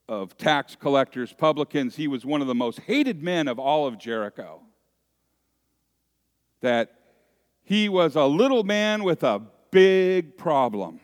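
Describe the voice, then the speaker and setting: A pastor preaching a sermon, telling a story dramatically and dropping at times to a hushed voice. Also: male voice, fairly high pitch. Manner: slow, dramatic storytelling that swings from loud to hushed. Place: church sanctuary. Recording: long reverb of a church hall.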